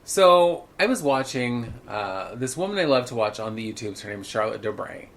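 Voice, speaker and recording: Man, podcast co-host, casual chat, swears freely, frank storyteller, even mid-range voice. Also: mid-range voice, moderate pace, gravelly. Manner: candid, profane storytelling.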